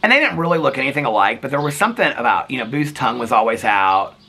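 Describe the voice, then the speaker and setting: Chatty man with a lively voice. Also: medium pitch, fast, breathy edge. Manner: chatty, rambling, laughs often. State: out of breath. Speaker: vlogger. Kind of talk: casual vlog chat.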